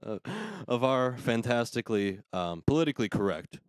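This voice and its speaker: A man hosting a casual comedy talk show, ranting sarcastically with quick asides. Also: medium pitch, expressive, no echo, clean studio sound. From United States. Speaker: podcast host.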